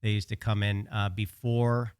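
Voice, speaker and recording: A man's voice: on the low side, level tone, moderate pace, darkish tone, clear, resonant tone, no room sound, studio quality. A man, a bartender guest on a podcast, telling self-deprecating stories with frequent laughs and hesitations. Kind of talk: casual chat.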